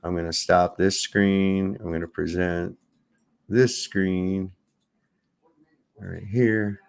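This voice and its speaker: A man with a fairly low voice talks over videos he is watching. His casual commentary rambles and turns sarcastic, with plenty of swearing along the way. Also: fairly even intonation, slow pace, creaky. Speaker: host.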